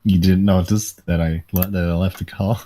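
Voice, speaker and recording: A man's voice: deep voice, slight background noise. A young man from the Netherlands with a Dutch accent, bantering playfully on a voice call with a friend. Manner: playful, quick to laugh, deadpan jabs. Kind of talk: casual voice-chat banter.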